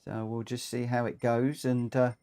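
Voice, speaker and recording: A man's voice: medium pitch, level tone, normal speed, mellow, clean tone. A man chatting through a live racing game stream, rambling with frequent ums, a bit short of breath and coughing now and then. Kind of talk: live gameplay commentary.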